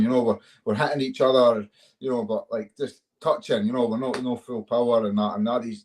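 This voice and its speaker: A man's voice: medium pitch, steady tone, fairly quick, darkish tone. A man with a Scottish accent, an MMA fighter telling stories in a casual interview, swearing freely and chuckling as he goes. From Scotland. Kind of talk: casual storytelling chat.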